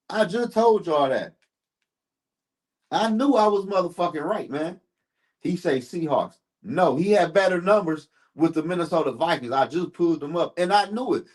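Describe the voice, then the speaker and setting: A man's voice: sits high, expressive, normal speed. A man hosting a live sports stream, ranting heatedly and profanely while answering his chat.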